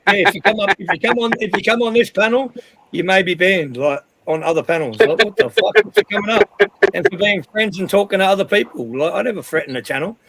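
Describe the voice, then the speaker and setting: An Australian man with a notably high voice tells a story in casual livestream chat. He talks in a heated, profane way and keeps restarting his sentences. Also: fast talker, fairly bright tone, slight background noise, rough recording. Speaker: livestream panel regular.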